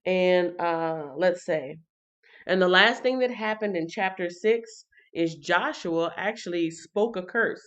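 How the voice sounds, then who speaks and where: Woman hosting a live Bible reading, chatty, talks to the chat, lowish voice, dull lo-fi stream audio. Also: slow, a bit bright. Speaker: livestream host reading the Bible. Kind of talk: casual livestream Bible reading. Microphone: computer or phone mic on a livestream.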